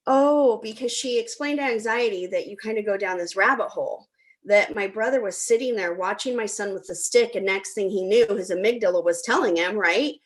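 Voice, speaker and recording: A woman's voice: medium pitch, normal speed. A middle-aged woman hosting a talk, telling a personal story in a chatty way with frequent ums. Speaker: host.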